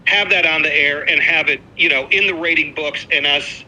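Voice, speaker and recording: A man's voice: fairly high pitch, normal speed, sharp tone, low-quality recording. A man, a former radio colleague, speaking emphatically and sincerely in a casual podcast chat.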